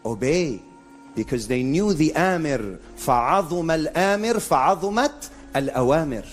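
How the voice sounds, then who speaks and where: Animated preacher with a lively voice. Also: male voice, fairly high pitch, rapid-fire, faint music behind. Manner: animated, mixes in Arabic phrases. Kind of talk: live sermon to an audience. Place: venue with a sound system.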